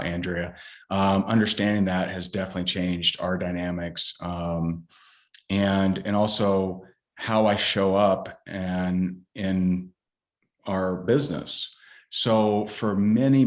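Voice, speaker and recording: A middle-aged man, an entrepreneur guest in an interview, telling a personal story in a halting way with many fillers and restarts. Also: low voice.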